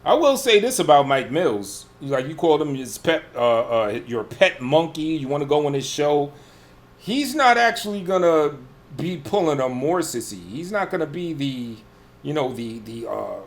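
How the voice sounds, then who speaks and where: A man with a somewhat raised voice talks in loose, profane radio chat. He sounds defiant and sure of himself as he brushes off the jabs thrown at him. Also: fairly high pitch. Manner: profane, defiant, self-assured. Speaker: guest under roast.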